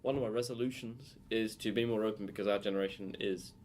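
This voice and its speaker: A man's voice: on the low side, steady tone, fast talker, a little mellow. Rambling young man from Birmingham. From England. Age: young adult. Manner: rambling, storytelling with restarts and laughs. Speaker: podcast co-host. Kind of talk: casual chat.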